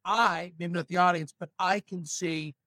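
High-voiced comedian guest, dry sound. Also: male voice, fairly even intonation, normal speed, sharp tone, no room sound. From San Fernando Valley, Los Angeles. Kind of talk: casual podcast chat.

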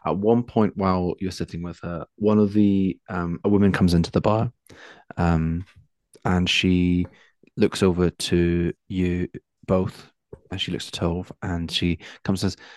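A man's voice: low voice, level tone, unhurried, darkish tone, dry recording. A man narrating as game master, hesitant with many fillers.

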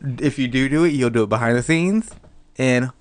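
A man hosting a podcast, talking in quick casual chat and laughing easily. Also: mid-range voice, clean tone. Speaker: podcast host.

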